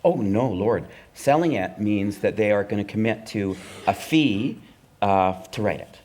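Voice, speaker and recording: A man's voice: fairly low pitch, lively intonation, unhurried, darkish tone. A middle-aged man from Canada, a comedy writer telling stories in a live onstage conversation, dry and wry, acting out the voices of others. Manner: wry, anecdotal, acts out the voices of network executives. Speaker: comedy writer and performer, guest.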